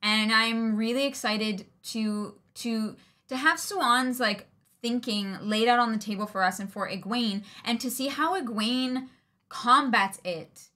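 A woman's voice: a little high, measured pace, pushed and bright. A young woman co-hosting a podcast, chatting casually about a book series, with many ums and restarts. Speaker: podcast co-host. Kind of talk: casual book discussion chat.

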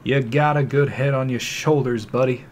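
A man's voice: medium pitch, steady tone, moderate pace, slight background noise, close to an everyday voice. A man voicing a wry, easygoing older male shopkeeper. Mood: dry.

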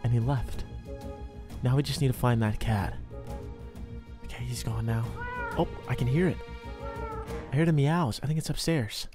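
A man narrating his own game roleplay in an excitable way, often yelping and panicking as things chase him. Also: mid-range voice, moderate pace, pauses often. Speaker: gamer doing a roleplay. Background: game music.

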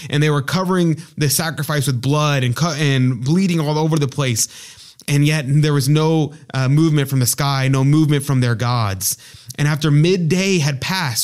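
A man hosting a podcast who retells a scripture story in a casual, rambling way, with frequent fillers and restarts. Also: a little high. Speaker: podcast host.

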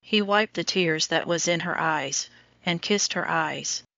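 A woman narrating a romance audiobook in a steady, even reading manner. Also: fairly low pitch, unhurried, gravelly, dry recording. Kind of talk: scripted narration. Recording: dull lo-fi dry audio.

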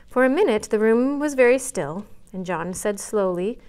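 A librarian reading a classic novel aloud at story time, gently expressive, pausing now and then for a quick aside. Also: female voice, mid-range voice. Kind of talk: read-aloud storytime narration.

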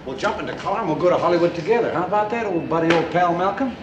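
An actor playing a smooth-talking, scheming young man who coaxes and snaps in a 1950s film comedy. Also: high voice, expressive, racing, highs cut off. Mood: coaxing. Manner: glib and coaxing, turns snappish. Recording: hissy old film soundtrack.

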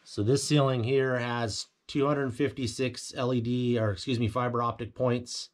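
A man's voice: medium pitch, little pitch movement, normal speed. A man giving a casual walkthrough of a home theater build, explaining things plainly with fillers and self-corrections. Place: home theater room, indoors.

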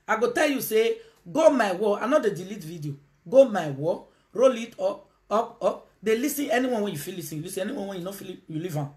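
A Nigerian woman hosting a live phone stream, her pitch jumping high and low as she talks. She calls out to viewers and drifts into Pidgin. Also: lively intonation, brisk, hardly any pauses, a little mellow. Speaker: live video host. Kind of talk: casual live-stream talk.

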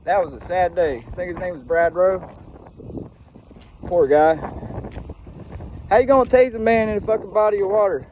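A man's voice: high voice, moderate pace, pauses often, highs cut off, a little hiss or hum. A man from Ohio vlogging a casual, profane and meandering monologue, tired and a bit winded. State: winded from walking a bicycle uphill.

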